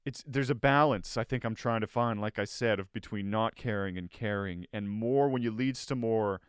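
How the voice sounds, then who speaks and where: A man in his forties hosting a casual podcast chat in a living room, telling stories in a lively way and acting out what other people said. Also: on the low side, moderate pace, smooth, dry recording, clean studio sound. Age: 40s. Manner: animated storyteller who acts out other people's lines. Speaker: podcast host.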